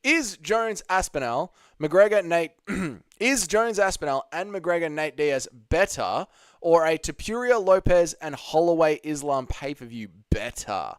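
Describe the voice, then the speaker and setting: A young man hosts a casual livestream, chatting and reading viewer comments aloud with lots of swearing. His voice is a little high, smooth, and animated, at a measured pace, and the recording is dry.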